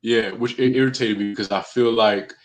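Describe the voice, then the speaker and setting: Deep-voiced man, emphatic co-host. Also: fairly even intonation, fairly quick. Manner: confident, emphatic opinions. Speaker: podcast co-host. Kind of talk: casual wrestling chat.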